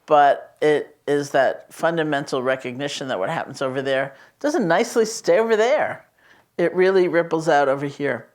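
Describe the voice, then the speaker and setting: A woman meditation teacher speaking in a conversational, storytelling way, gently emphatic as she teaches about loving kindness. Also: low voice, moderate pace. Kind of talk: reflective teaching talk.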